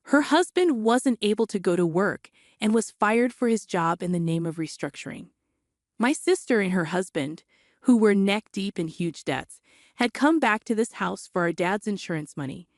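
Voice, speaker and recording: Brief: female narrator, matter-of-fact, expressive pitch, dry sound. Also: moderate pace, no echo. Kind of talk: scripted story narration.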